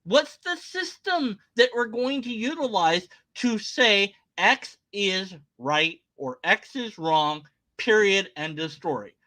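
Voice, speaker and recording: Man, sarcastic video commentator, lively swooping pitch, bright voice. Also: slow. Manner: sarcastic, animated, exclaiming in disbelief. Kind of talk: casual reaction commentary.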